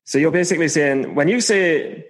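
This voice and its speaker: A man's voice: on the high side, normal speed, poor audio. A man co-hosting a casual podcast chat, playful and given to mock-dramatic confessions. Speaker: podcast co-host.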